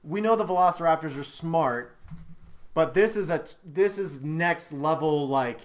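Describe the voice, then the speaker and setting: A man's voice: a little high, measured pace. A young man hosting a casual film review chat, ranting with exasperated anger and plenty of swearing. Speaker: channel host reviewing a film.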